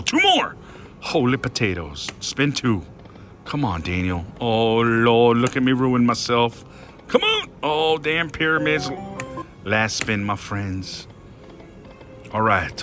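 Excitable man narrating his slot spins. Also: mid-range voice. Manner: excitable, talks to viewers, swings between hushed and shouting. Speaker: slot machine vlogger. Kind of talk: excited casino commentary.

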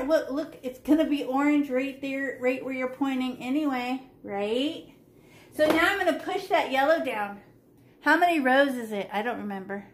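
A woman's voice: high voice, fairly bright tone, reverberant. A woman teaching a live online painting class for children, playful and chatty as she talks them through each step over a laptop mic. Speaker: art teacher. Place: home room on a video call. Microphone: laptop mic on a video call.

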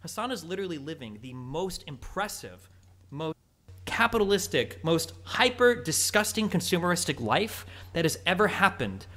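A man's voice: on the high side, sing-song, moderate pace, pushed and bright. A man in a heated, profane, mocking rant on a stream clip. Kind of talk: ranting stream commentary.

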